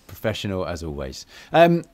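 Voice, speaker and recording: A man's voice: low voice, huge pitch swings, normal speed, darkish tone. Chatty male podcast host. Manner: chatty, self-deprecating, with many ums and restarts. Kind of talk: casual podcast chat.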